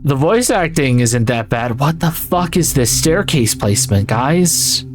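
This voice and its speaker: Male gaming YouTuber, mid pitch, slow and rambling, casual cursing. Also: very animated, faint music behind. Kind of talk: gameplay commentary.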